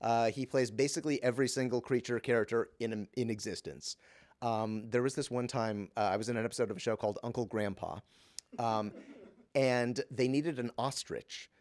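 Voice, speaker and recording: A male voice actor being interviewed, talking in a casual, easygoing way and at a medium pitch for a man. He pauses with many ums and restarts, then picks up as he tells a lively story. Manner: chatty, relaxed, many fillers and restarts; lively anecdote telling.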